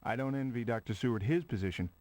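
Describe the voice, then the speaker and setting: Actor as a reserved gentleman musing aloud, dry close sound. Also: mid-range voice, quick pace, no echo, natural voice. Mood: reflective. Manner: formal, reflective. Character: reserved male Victorian narrator-protagonist. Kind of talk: FMV game acting.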